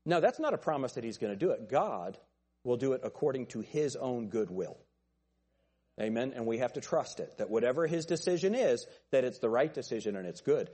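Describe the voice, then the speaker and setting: A middle-aged male pastor gives a folksy sermon in a church, cracking jokes with the people in the pews. His voice is husky and mellow, and his pitch swings up and down a lot as he talks. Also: lively intonation, brisk. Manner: folksy, joking with the congregation. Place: church sanctuary.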